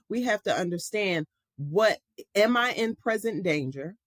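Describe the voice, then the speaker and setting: A woman's voice: fairly low pitch, no room sound, studio quality. A middle-aged woman hosting a show, chatting emphatically and repeating phrases for effect as she tells a personal story. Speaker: host. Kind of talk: casual storytelling monologue.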